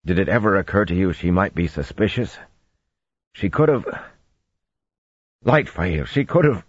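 A man doing a gruff burly young husband. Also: deep voice, big pitch swings, moderate pace, dry recording, highs cut off, heavily acted. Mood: urgent. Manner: growling and earnest.

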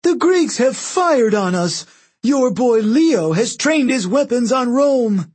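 Shrieking, scheming young male villain for an audiobook, high-pitched and yelling. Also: very animated, slow, husky, full character voice. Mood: accusing. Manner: shrill, screaming accusations.

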